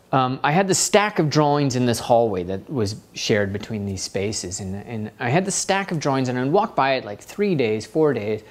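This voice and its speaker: Animated man telling a personal story. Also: medium pitch. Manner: animated, acts out his inner voice. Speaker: art teacher.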